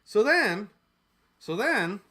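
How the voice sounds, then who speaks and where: A man from Canada talks through old music gear in a loose, jokey ramble, with the odd swear thrown in. His voice sits a little high and swings up and down a lot. The tone is bright and forceful, and he drifts away from the mic as he lifts and moves things. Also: very animated, very slow. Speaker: gear vlogger. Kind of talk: casual unboxing chat.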